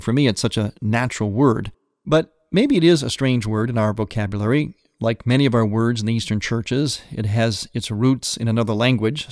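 Man, priest and radio host, calm teacher reading aloud, mid pitch, dry close studio sound. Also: no echo. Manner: calm explanatory teaching, reads aloud from a book.

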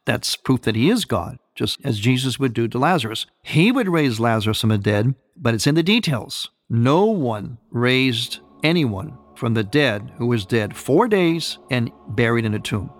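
A man's voice: mid-range voice, animated, unhurried, few pauses. Guy giving a sermon, hits his key words twice, close dry mic but long reverb tail behind it. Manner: emphatic, repeats key phrases for stress. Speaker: priest.

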